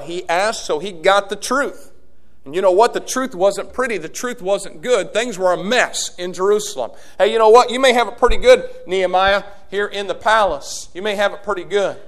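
A man preaching a sermon, dropping to a hush and then building to loud, urgent appeals to the congregation. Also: high voice. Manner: swings from hushed to shouting, preaching to a congregation.

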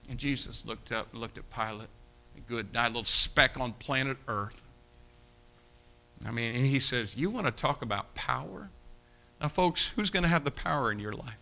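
A man preaching a sermon, swinging between loud, shouted stretches and quiet, hushed appeals. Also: medium pitch, normal speed, vocal fry.

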